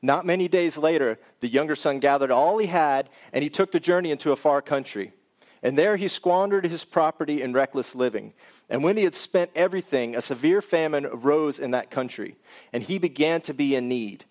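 A man's voice: a little high, brisk, a little mellow. A man preaching a sermon, reading scripture and then explaining it in a conversational way that speaks directly to the congregation.

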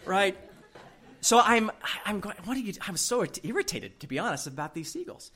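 Lively male preacher, slightly high voice, animated storyteller who laughs a lot. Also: moderate pace, slightly rough. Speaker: pastor. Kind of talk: sermon with personal story.

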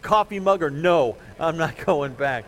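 A man's voice: a little high, lively intonation, unhurried, slight background noise. A man doing a blunt, fed-up church visitor. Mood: exasperated. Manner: blunt, folksy, exasperated. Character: startled first-time church guest, put off.

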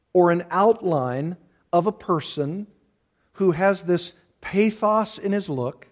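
A man preaching an earnest expository sermon, repeating key phrases for emphasis. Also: high-pitched. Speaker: pastor.

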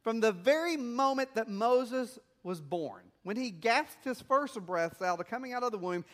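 A man's voice: very high-pitched, animated, normal speed, a bit bright. A man preaching a sermon as a missionary pastor, telling stories and asking the congregation questions in a conversational way. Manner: conversational storytelling with rhetorical questions.

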